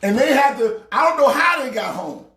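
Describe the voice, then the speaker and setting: A pastor mocking a football team in a loud comedic rant, often shouting. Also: male voice, extremely high pitch, animated, normal speed. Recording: echoey room.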